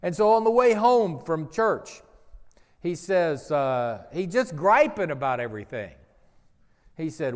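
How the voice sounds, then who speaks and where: A man preaching a sermon to a congregation, telling jokes and stories in an animated way, drawing out words and raising his voice for emphasis. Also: on the high side, unhurried. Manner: animated storyteller, gets loud and drawn out for emphasis. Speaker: pastor. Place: church sanctuary with congregation. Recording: long hall reverb.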